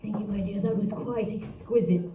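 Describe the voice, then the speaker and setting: A woman voicing an overly polite, old-fashioned gentleman, speaking with prim, formal courtesy. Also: mid-range voice, fairly even intonation, moderate pace, close to an everyday voice. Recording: roomy, distant, dull, noisy live room.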